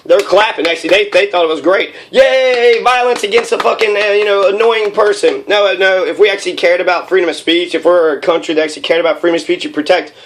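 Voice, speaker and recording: Young man, angry rambling rant, lots of swearing, fairly high voice. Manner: heated, profane, rambling with many fillers. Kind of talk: profane political rant.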